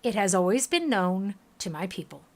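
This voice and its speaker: A woman's voice: mid-range voice, sing-song, moderate pace, a little mellow, lightly acted. A woman with a Southern US accent voicing a towering, stern bearded male warrior who issues threats, read aloud from game text.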